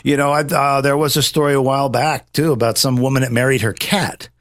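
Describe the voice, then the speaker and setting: A man's voice: mid-range voice, brisk, no room sound, studio quality. A man hosting a political talk show, ranting emphatically and mockingly in casual chat. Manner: animated, mocking, emphatic rants. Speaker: host.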